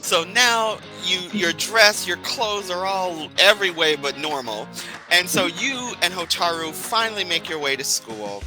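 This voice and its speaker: A man narrating a role-play scene as game master, telling it in a lively, descriptive way. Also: high-pitched, unhurried, over music, low-quality recording.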